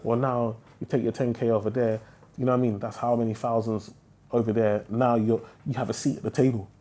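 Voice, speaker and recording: A man's voice: medium pitch, flat delivery, fairly quick, warm tone. A man with a British accent, talking casually and emphatically about investing, with London slang. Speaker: interviewee, investor. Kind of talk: casual podcast conversation.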